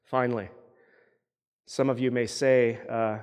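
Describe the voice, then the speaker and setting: A man preaching from the pulpit in a mid-pitched voice, earnest and steady. He often repeats a word or phrase as he builds his point. His voice rings with the long reverb of a church sanctuary. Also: unhurried, long pauses. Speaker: pastor. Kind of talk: sermon.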